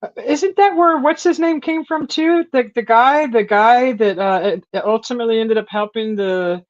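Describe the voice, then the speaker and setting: A woman in casual chat, rambling through a story and acting out quotes in a higher voice, on a stream mic. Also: moderate pace, dry recording. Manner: rambling storyteller, acts out quotes with a high voice and laughs. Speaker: stream host. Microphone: streaming call mic. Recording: dull lo-fi stream audio.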